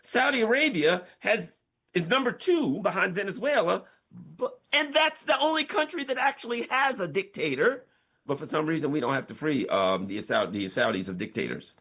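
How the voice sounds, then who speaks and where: A middle-aged American man delivers opinionated radio commentary in a slightly high, husky voice. His pitch swings widely as he leans on rhetorical questions with emphatic sarcasm. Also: very animated, normal speed, fairly bright tone. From United States. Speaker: political commentator.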